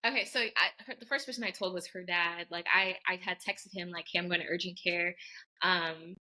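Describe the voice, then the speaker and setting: A woman in her twenties, a podcast guest telling a personal story in a casual, animated way, saying "like" a lot. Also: fairly low pitch, brisk, low-quality recording. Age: 20s. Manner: animated, heavy use of "like", acts out quoted voices.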